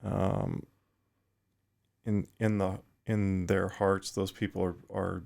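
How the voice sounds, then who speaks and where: A middle-aged man with a low, heavily gravelly voice speaks in a level, even tone. He talks reflectively as a podcast guest, often pausing and restarting his sentences. His pitch stays low and changes little. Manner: thoughtful, halting with frequent restarts. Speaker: retired firefighter guest.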